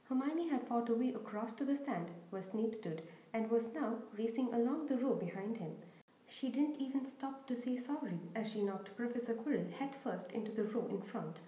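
A woman's voice: fairly high pitch, normal speed, roomy sound, poor audio. A woman narrating a children's novel aloud as host of a reading podcast. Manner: steady storytelling reading. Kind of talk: audiobook narration.

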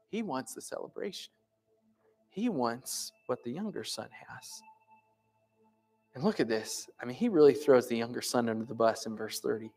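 A man's voice: mid-range voice, lively intonation, moderate pace, darkish tone, slightly rough, soft background music. A man pastor preaching a sermon in a conversational way, often putting questions to his listeners.

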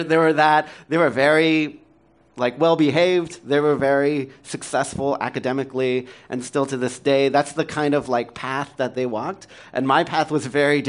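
This thirty-something pastor has a medium-pitched voice and preaches in a chatty, self-mocking style, laughing a lot and filling gaps with fillers.

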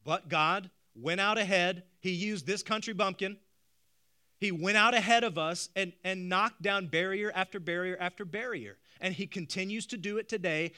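Male pastor, sermon delivery, high bright voice, animated, asks the room questions, stumbles and restarts words. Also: moderate pace.

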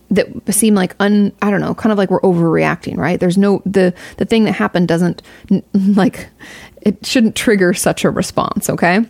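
A woman's voice: on the low side, creaky, no echo. A young woman giving casual advice to her viewers, candid and rambling, swearing freely. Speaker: streamer answering a viewer question.

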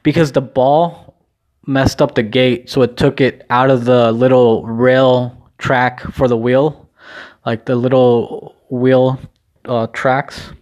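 A man's voice: medium pitch, steady tone, slow, darkish tone, dull audio. Laid-back young man rambling casually. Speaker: vlogger. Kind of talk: casual storytelling to camera.

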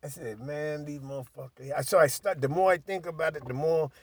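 Older man, casual storyteller, profane and animated, slightly high voice. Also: fast talker, husky, no echo.

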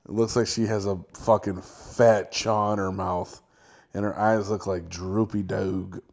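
A man's voice: on the low side, level tone, a little mellow. A man co-hosting a casual podcast chat, laid-back and swearing often. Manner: slow, laid-back, swears and says "dude" a lot. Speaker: podcast co-host.

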